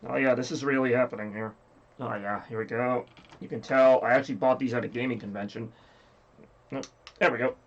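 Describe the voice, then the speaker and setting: A man's voice: medium pitch, steady tone, a little fast, pauses often, dull audio. A man with a scratchy voice hosting a livestream, rambling casually and joking with chat. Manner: rambly, jokey, reads chat aloud. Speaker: livestream host.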